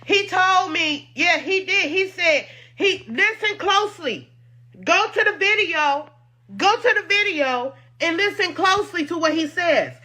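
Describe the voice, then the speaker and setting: A woman's voice: extremely high pitch, unhurried, pushed and bright. A woman who owns a food truck, defending herself in an emotional, indignant personal statement and repeating points for emphasis.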